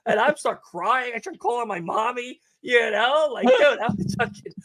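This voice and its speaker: A man's voice: extremely high pitch, animated, normal speed, a bit bright. Young man telling a story, swearing animatedly. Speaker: livestream co-host. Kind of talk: casual chat.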